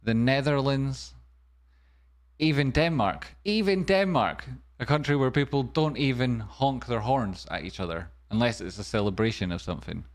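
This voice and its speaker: A man's voice: medium pitch, fairly quick, hardly any pauses. A man hosting a stock stream, giving a comedic market news rundown with wry, jokey asides. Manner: wry, jokey asides, sudden softer murmurs.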